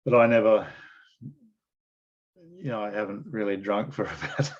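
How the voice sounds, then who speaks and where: A man interviewing a guest and telling animated stories in a casual, slangy way. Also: lowish voice, normal speed, lo-fi sound. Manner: animated storyteller, blokey slang.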